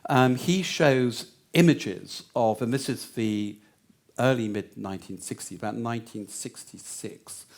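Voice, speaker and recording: A man's voice: medium pitch, measured pace. A man giving a lecture answer, meandering with many fillers and restarts.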